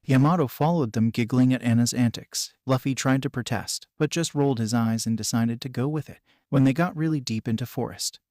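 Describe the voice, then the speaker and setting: A man narrating a fan story in a plain, even read-aloud delivery. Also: mid-range voice, a little fast, hardly any pauses, no echo, studio quality. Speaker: fanfiction narrator.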